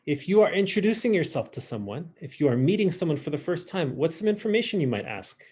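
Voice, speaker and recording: A man teaching a French class online, modeling pronunciation in an exaggerated, lively way over a video call. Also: a little high, quick pace, slightly rough. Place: home, virtual class. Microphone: computer mic on a video call.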